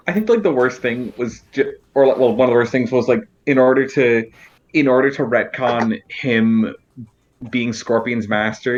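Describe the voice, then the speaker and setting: A hesitant speaker in casual group chat, trailing through fillers and restarts. The voice sits at a middling pitch, and the line sounds dull and lo-fi. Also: a little hiss or hum. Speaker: stream participant. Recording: lo-fi muffled audio.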